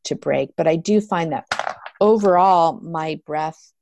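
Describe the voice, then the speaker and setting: Low, gravelly-voiced woman explaining. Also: measured pace, a little mellow, slight background noise. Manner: explanatory, with frequent restarts and fillers. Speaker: yoga therapist guest. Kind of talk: conversational interview.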